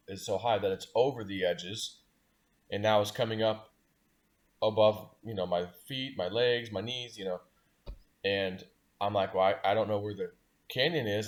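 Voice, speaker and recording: Low-voiced man rambling through a dream story. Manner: rambling, restarts often, chuckles at himself. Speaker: dream-sharing video host. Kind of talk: casual storytelling to camera.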